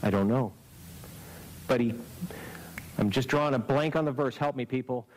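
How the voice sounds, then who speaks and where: A man's voice: mid-range voice, normal speed, a little hiss or hum, low-quality recording. A man preaching a camp-meeting sermon in an earnest, exhorting way, often putting rhetorical questions to his listeners.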